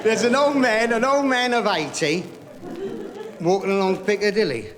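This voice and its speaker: A man doing stand-up comedy, telling joke after joke in a brisk patter full of "he said", recorded live on stage. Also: high voice, a crowd in the background. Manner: rapid gag patter with repeated "he said". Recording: live vinyl recording in a hall with audience laughter.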